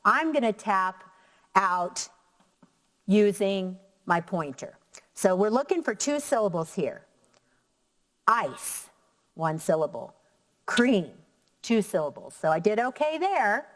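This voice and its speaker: A woman teacher giving a slow, clear lesson to young children, counting out syllables. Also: mid-range voice, sing-song, long reverb tail. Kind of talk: elementary classroom lesson.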